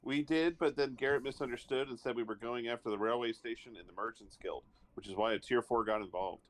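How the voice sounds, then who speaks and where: A man's voice: mid-range voice, fairly even intonation, fast talker. Argumentative male tabletop player. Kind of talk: casual chat during a tabletop game.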